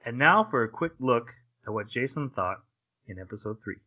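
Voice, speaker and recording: A man's voice: medium pitch, lively intonation, normal speed, highs cut off. A man hosting a casual anime podcast, retelling episodes and acting out the characters' lines in shifting voices. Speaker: podcast host.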